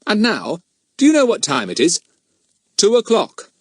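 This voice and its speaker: A man's voice: sits high, wildly swooping pitch, moderate pace, slightly rough, dry recording, clean studio sound, voice pushed up, exaggerated voice. A man voicing a genial, dignified middle-aged police inspector in a storybook, courteous and formal with kindly teasing.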